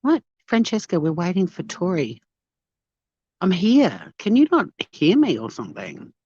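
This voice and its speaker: A fairly low-pitched Australian woman, her pitch swooping wildly, talks a little slowly in a darkish, slightly rough tone. Bubbly and chatty, she addresses her live-stream viewers while walking at a beachside cafe, on dull lo-fi phone audio with no room sound.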